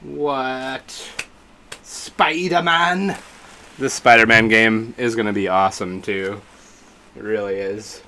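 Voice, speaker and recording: A man's voice: lowish voice, little pitch movement, a little slow, pushed and bright, a little hiss or hum. A man streaming live, reacting to announcements with gushing exclamations and greeting his chat viewers.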